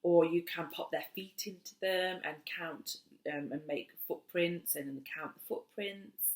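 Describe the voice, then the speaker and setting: An early years teacher casually gives parents tips on play and speech, chatting with lots of "um"s and going sing-song whenever she talks to children. Her voice is on the low side and unhurried, and the room is echoey.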